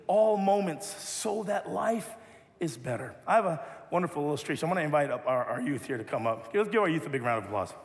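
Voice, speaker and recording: A man preaching a sermon, leading a playful live object lesson with animated, joking delivery. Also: a little high, fast talker. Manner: animated, rises to loud exhortation. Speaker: pastor. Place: large church hall. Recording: long reverb of a hall.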